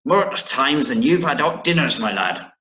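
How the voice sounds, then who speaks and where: A man voicing a gruff, whiskered old male sailor with a slow, drawling pirate voice and a Somerset accent, recorded in a room with echo. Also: fairly high pitch, animated, pushed and bright.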